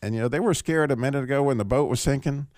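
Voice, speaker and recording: A man hosting a radio call-in show, teaching through a Bible passage in a casual, animated way. He laughs often and restarts his sentences. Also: mid-range voice, rapid-fire, no room sound, studio quality.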